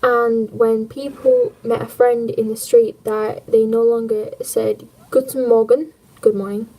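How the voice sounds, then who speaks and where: A woman's voice: on the high side, little pitch movement, unhurried, dark tone, poor audio. A woman reading a history book aloud on a livestream, adding wry jokes and puns. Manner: jokey, punning, wry asides.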